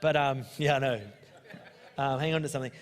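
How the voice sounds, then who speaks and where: A man's voice: medium pitch, fairly even intonation, fairly quick, big-room sound. A man in his thirties with an Australian accent, a pastor giving a conversational, joking sermon full of personal stories. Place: church auditorium.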